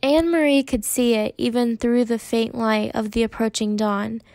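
A woman narrating a storybook in a measured, even way, her voice somewhat higher than most. The sound is dry and close to the mic, with no room around it. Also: dry recording. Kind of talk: audiobook narration.

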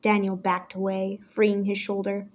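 A woman reading a novel aloud in measured, scripted storytelling narration. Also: mid-range voice, monotone. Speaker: audiobook narrator.

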